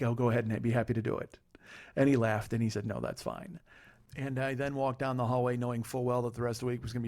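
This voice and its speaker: Fast-talking, profane comedy podcast host. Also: male voice, fairly high pitch, gravelly, a little mellow. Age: 40s. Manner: rambling, profane, self-mocking. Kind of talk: comedic storytelling monologue.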